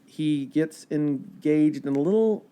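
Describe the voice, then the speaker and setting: A man, a park ranger guest, telling history in a chatty, animated storytelling way. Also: fairly high pitch, slow pace, clear, resonant tone. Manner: animated, chatty storyteller with fillers and quoted asides.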